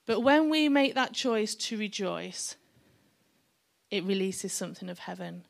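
A woman's voice: medium pitch, lively intonation, measured pace, vocal fry. A middle-aged woman preaching a sermon, chatty and encouraging, with joking asides to the congregation.

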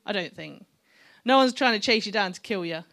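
A woman's voice: mid-range voice, animated, a little fast, vocal fry, a bit bright. A middle-aged woman preaching a sermon, chatty and encouraging, with joking asides to the congregation.

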